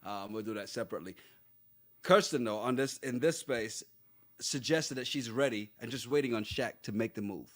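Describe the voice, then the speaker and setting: Male podcast co-host, mid-pitched and conversational, with emphatic repeats. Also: normal speed, fairly bright tone. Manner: talks things through, restarts, emphatic no-no-nos. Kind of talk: casual chat.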